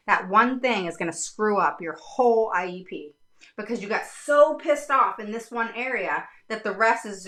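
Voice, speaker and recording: A woman's voice: medium pitch, sharp tone. A middle-aged woman who works as a special education advocate, talking frankly and bluntly to her viewers, swearing casually.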